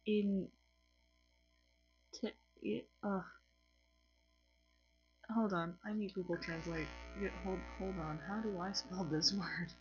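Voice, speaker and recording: A woman's voice: medium pitch, steady tone, takes it slowly, pauses often, dull audio, soft background music. A tired woman with a French accent teaching a casual lesson to camera, chatty and apologetic, often restarting her sentences. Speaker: language teacher on her own channel. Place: home room with colored lights.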